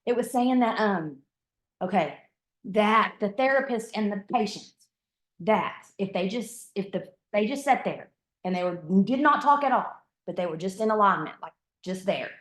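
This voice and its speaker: A woman's voice: mid-range voice, expressive, normal speed. A woman yoga trainee sharing her thoughts in a group, searching for words and restarting often. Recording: echoey room.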